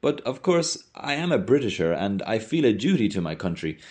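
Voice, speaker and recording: A man's voice: lowish voice, sing-song, a little fast, a little mellow, pitched above the performer's own voice. A man voicing a polite, earnest young Englishman with a mannered way of speaking.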